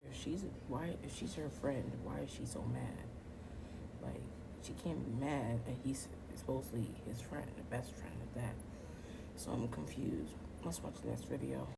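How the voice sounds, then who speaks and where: A woman giving casual reaction commentary in a quiet, puzzled, musing way. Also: a bass voice, sing-song, normal speed, creaky, slight background noise, low-quality recording.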